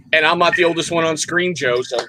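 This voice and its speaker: With a slightly high voice and some vocal fry, a panel host ribs the veterans he's interviewing, mixing questions with dry wisecracks in casual chat. The background is noisy.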